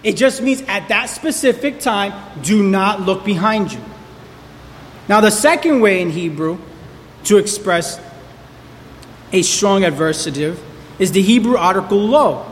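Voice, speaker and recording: Emphatic high-voiced male preacher. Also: big-room sound, a little hiss or hum. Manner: emphatic, repeats key words for stress. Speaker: pastor. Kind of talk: sermon.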